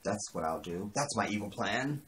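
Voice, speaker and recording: Man, lowish voice, casual opinionated TV reviewer. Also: lively intonation, normal speed, fairly bright tone. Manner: chatty, opinionated, acts out dialogue. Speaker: TV episode reviewer. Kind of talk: casual recap of a TV episode.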